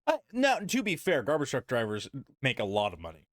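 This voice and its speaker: A young man on a casual podcast, ranting with sarcasm and frequent swearing, voice bouncing up and down in pitch. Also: huge pitch swings, fairly quick, no echo, clean studio sound. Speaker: podcast co-host. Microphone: desk podcast mic.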